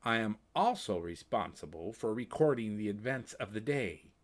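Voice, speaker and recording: A man voicing a weary, cranky old male custodian who talks in a calm, dry, mumbling way. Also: lowish voice, moderate pace, lightly acted.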